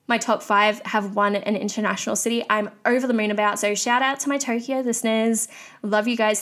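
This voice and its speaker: A young woman hosting a solo podcast, ranting candidly in a chatty way with lots of fillers. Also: on the high side. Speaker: podcast host.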